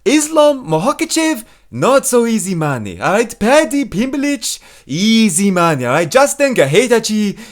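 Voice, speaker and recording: A man puts on a boastful fighter who stretches his words into slow, emphatic pronouncements. The voice sits high above his usual speaking voice. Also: very animated.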